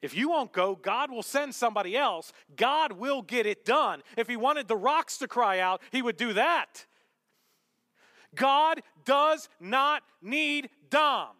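A man preaching a sermon, animated, with joking asides, swinging between loud emphasis and hushed remarks. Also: extremely high pitch, normal speed, few pauses. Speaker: pastor. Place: church sanctuary. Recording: long reverb of a church hall.

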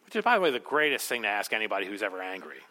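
A man preaching a sermon, emphatic and rhetorical, telling the story with animated asides. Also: on the low side, racing, in a large hall. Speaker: pastor.

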